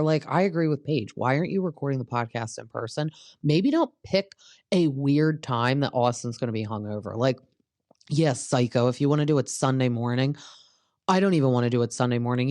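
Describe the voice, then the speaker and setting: A woman's voice: rumbling low, a little mellow, no echo, clean studio sound. A woman hosting a casual gossip recap podcast, chatty and opinionated, with many fillers. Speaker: podcast host.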